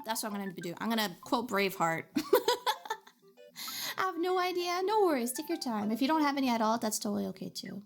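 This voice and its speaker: A woman's voice: a little high, animated, normal speed, gravelly, long pauses, soft background music. A woman livestreaming a game, chatting with her viewers in a bubbly, giggly way from a home setup. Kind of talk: casual livestream chat.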